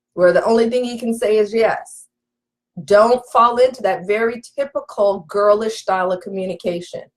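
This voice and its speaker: A woman relationship coach giving an emphatic live session, talking straight to her audience. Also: a little high. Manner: emphatic, preacherly, addresses audience directly.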